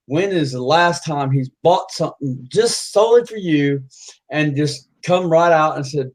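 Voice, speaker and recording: Man, insistent lecturer, livestream argument, somewhat high pitch. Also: expressive, a little slow, darkish tone, rough recording. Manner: lecturing, insistent, repeats himself.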